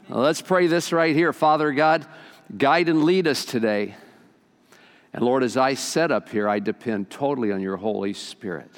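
An older man preaching a sermon as pastor, folksy and animated as he tells stories to his congregation. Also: mid-range voice, moderate pace, long reverb tail.

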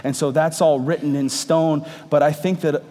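A man's voice: on the high side, steady tone, moderate pace, warm tone. A man in his thirties preaching a sermon to a congregation, conversational and joking with the room. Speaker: pastor. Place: church hall with congregation. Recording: reverberant hall.

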